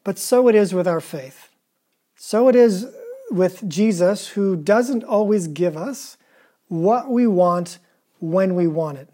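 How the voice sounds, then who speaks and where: Mellow-voiced conversational preacher. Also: medium pitch, lively intonation, slow. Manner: asks the listeners questions and retells scripture in a casual, everyday voice. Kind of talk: conversational sermon.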